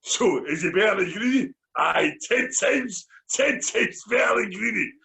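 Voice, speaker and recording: A man's voice: sits high, animated, measured pace, vocal fry, bright, forceful tone. A Scottish man co-hosting a podcast in casual chat, emphatic and repeating his points. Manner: emphatic, repeats himself, says listen. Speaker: podcast co-host.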